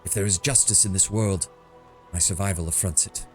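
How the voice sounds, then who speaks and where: A man's voice: low-pitched, brisk, soft background music, close to an everyday voice. A man voicing a guilt-ridden male soldier captain, speaking in a solemn, bitter tone. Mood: somber.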